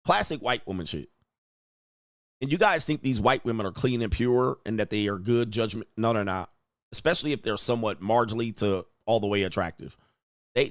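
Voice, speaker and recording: A man's voice: on the low side, fairly bright tone, no echo, clean studio sound. A man giving blunt, crude commentary as a show host, reacting to a clip with mocking asides. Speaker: podcast host.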